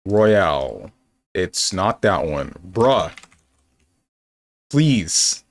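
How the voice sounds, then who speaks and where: A man's voice: low voice, big pitch swings, very slow. A young man streaming games, chatting casually and thinking aloud in a rambling, playful way. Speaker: game streamer. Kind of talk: casual live-stream chat.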